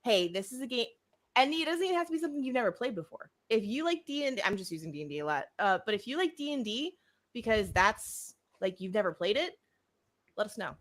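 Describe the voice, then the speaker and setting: A woman's voice: fairly high pitch, big pitch swings, fast. A woman from the United States co-hosting a live stream, chatting casually and laughing often. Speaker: podcast co-host.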